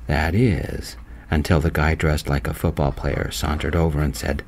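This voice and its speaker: A man narrating his own romance story in a gentle, slow, soft-spoken voice. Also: rumbling low, little pitch movement, creaky.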